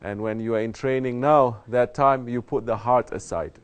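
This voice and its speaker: A man's voice: medium pitch, steady tone, normal speed, smooth. A man teaching as a Sufi teacher, answering a question in a spoken sermon, emphatic and fond of rhetorical questions. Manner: emphatic, rhetorical questions, mock-quoting others. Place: Sufi lodge.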